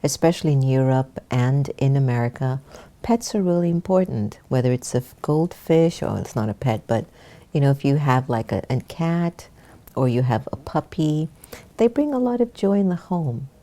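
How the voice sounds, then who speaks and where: A woman hosting an online talk show with a low, mellow voice. She speaks in a chatty, encouraging way to her viewers. The delivery is relaxed and friendly. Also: normal speed. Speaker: host.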